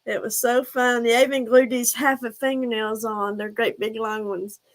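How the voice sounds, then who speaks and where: A woman, hosting a casual live stream, hoarse and breathless from laughing, chatty and a bit scattered. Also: on the high side, steady tone, moderate pace. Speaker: livestream host. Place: room at home.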